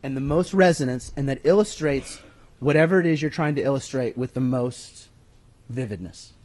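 A man gives a writing-workshop lecture to a room full of people, teaching in a conversational, emphatic way and referring to handouts. His voice is medium-pitched and darkish, at a normal speed, and he sometimes steps away from the mic.

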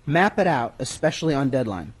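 A man lectures at a writing workshop in a brisk, sing-song manner, his medium-pitched voice husky. His teaching is conversational and emphatic, he refers to handouts, and he drifts away from the mic now and then.

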